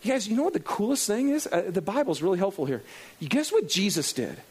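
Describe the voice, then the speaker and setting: A middle-aged man preaching a sermon to a congregation, animated and acting out his own inner dialogue. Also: high-pitched, quick pace, slightly rough. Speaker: pastor. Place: in front of a congregation.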